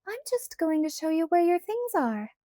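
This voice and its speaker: A woman reading a teasing, high-voiced young woman. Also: very animated, moderate pace, no room sound, studio quality. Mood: playful. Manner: bright, teasing, innocent-sounding. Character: playful, mischievous young woman. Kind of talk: audiobook character reading.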